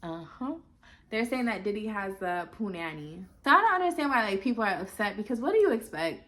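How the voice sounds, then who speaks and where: Woman vlogger, casual rambling delivery, lots of asides, mid-range pitch. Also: sing-song, fairly quick, fairly bright tone. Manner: rambling, chatty, full of filler asides. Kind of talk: casual chat to camera.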